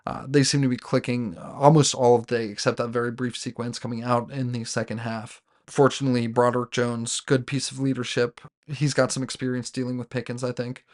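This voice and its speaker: Speaking a little fast with a flat delivery and medium pitch, this sports podcast host gives a casual solo recap of his team's game. He rambles as a fan, referring to the team as "we," full of fillers, restarts and self-corrections.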